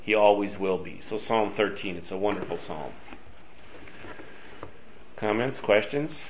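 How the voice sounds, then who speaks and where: A man's voice: lowish voice, measured pace, slight background noise. A middle-aged man leading a casual Bible study, chatty and reading scripture aloud with emphasis. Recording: dull lo-fi sound.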